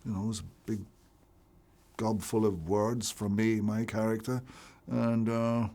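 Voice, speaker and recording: A man from Ireland, an actor being interviewed, telling stories in an animated way, restarting and repeating his words. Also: fairly low pitch, a little slow. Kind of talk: casual interview chat.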